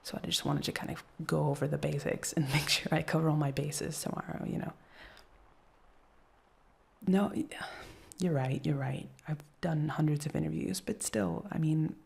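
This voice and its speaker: A woman in a whispered role-play as an anxious actress girlfriend, soft-spoken and rambling, laughing often. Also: low voice, fairly even intonation, moderate pace, creaky, slightly rough.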